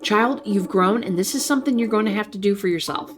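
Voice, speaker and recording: A woman's voice: mid-range voice, quick pace, background noise, close to an everyday voice. A woman voicing a doting grandmother who talks tenderly and coaxingly, calling her grandson baby and child, while reading interactive fiction aloud. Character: doting, folksy grandmother on a nightly phone call.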